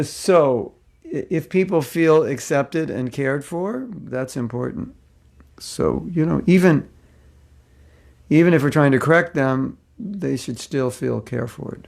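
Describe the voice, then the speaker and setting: A man's voice: on the high side, unhurried, gravelly, darkish tone. A man teaching an informal spiritual class, answering questions in a playful, joking way that often trails off and restarts.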